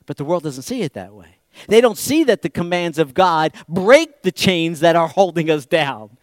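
A man's voice: on the high side, lively intonation, moderate pace, no echo, studio quality. A middle-aged man preaching a sermon, acting out quotes with big swings in volume. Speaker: pastor.

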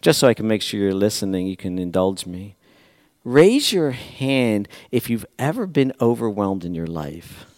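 A man preaching a sermon, swinging between loud pleading lines and quiet, hushed asides to the congregation. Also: on the low side, very animated, normal speed, no echo. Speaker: pastor.

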